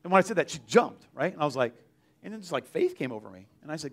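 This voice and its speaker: At a church service, a man from a mission trip team gives a casual testimony that rambles, full of "like"s, fillers and restarts. His voice is fairly high with big pitch swings, and he talks quickly.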